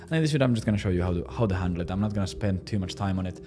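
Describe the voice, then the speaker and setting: A man in his twenties giving a casual sales-coaching talk, brash and profane, sometimes putting on high squeaky voices. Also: lively intonation, rapid-fire, warm tone. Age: 20s. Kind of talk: casual instructional monologue.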